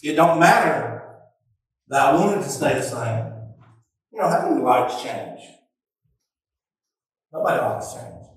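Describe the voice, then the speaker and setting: A man's voice: medium pitch, animated, unhurried, pauses often, heavy reverb, distant mic, low-quality recording. A middle-aged man preaching a sermon, telling homey stories and calling out to the congregation. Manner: folksy storytelling with audience call-outs. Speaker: pastor.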